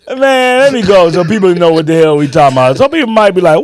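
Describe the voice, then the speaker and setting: An animated, high-voiced man in his fifties from Chicago co-hosts a podcast of casual sports chat. He's emphatic and swears, telling stories in a drawn-out way.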